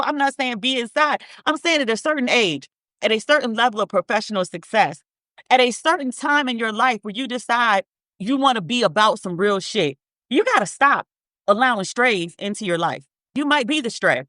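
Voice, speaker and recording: A woman's voice: a little high, lively intonation, moderate pace, fairly bright tone, dry recording, studio quality. A woman hosting a podcast, giving blunt, profane commentary, repeating words for emphasis and reading statements aloud. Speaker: podcast host. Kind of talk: casual commentary.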